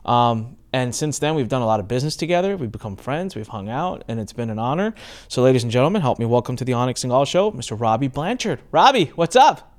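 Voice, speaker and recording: Animated man hosting a podcast. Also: medium pitch, fast talker. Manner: animated storyteller, acts out quoted voices. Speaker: podcast host. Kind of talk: casual interview intro.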